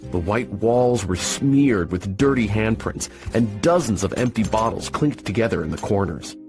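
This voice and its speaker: Male narrator, deep voice, measured steady reading, faint music underneath. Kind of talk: scripted audiobook narration. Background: soft music.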